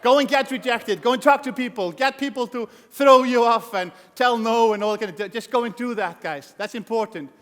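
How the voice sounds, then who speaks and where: Motivational speaker, male, high and energetic, playful with the audience; live event hall with a long echo. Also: fairly quick, few pauses. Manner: energetic, joking, asks the audience questions. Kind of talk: motivational talk on stage.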